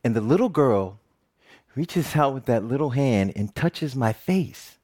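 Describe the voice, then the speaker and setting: Lively middle-aged man telling stories. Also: medium pitch, unhurried. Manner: animated, jokey storyteller who laughs often. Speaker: TV presenter giving a talk. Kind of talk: personal storytelling talk.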